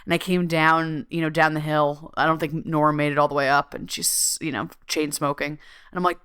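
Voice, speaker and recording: A woman's voice: low voice, level tone, moderate pace, fairly bright tone, smooth, no room sound, studio quality. Chatty, profane woman podcast host. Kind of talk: casual monologue.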